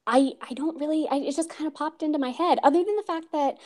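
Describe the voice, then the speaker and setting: A woman's voice: high voice, fast, darkish tone. An American woman in her thirties, a story narrator, answering interview questions over a call in a bashful, giggly way with a youthful-sounding voice. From United States. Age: 30s. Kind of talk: casual interview chat.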